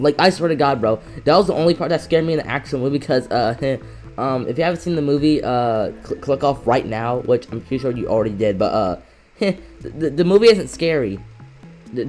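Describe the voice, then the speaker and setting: A young man giving a casual movie review on camera, excitable and rambling, often restarting his sentences. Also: medium pitch. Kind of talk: casual reaction rant. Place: indoors, filming himself.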